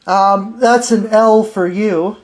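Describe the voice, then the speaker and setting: With a steady tone and a mid-range voice, this thirtysomething podcast host takes it slowly while chatting in a relaxed way. The banter is slangy and playfully teasing, packed with fillers and asides full of laughter.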